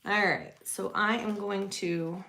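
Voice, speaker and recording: A woman hosts a casual live sewing tutorial from her home sewing space, chatting and greeting viewers by name. Her voice is bright and forward, sitting at a middle pitch. A faint noise runs underneath the recording. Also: fairly even intonation, slow, vocal fry. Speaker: sewing livestream host.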